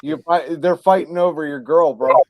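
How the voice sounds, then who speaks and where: A man's voice: a little high, normal speed, darkish tone, no echo. A man on an online chat show, laughing and joking along.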